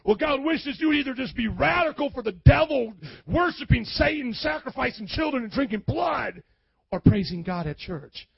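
A man preaching a sermon as pastor, calling out to the congregation and swinging from loud to hushed. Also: very high-pitched, expressive, moderate pace, vocal fry, slightly rough, dry recording, highs cut off. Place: church.

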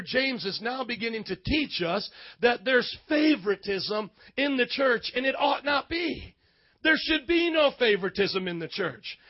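A male pastor preaching a sermon, animated and leading call-and-response with his congregation. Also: very high-pitched, lo-fi sound.

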